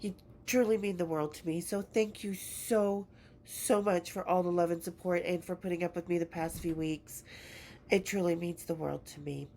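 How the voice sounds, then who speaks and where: A woman's voice: on the low side, steady tone, normal speed, dark tone, slight background noise. Sick woman chatting as podcast host. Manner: chatty and affectionate, swears freely. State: sick, congested and weary. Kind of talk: casual chat to camera.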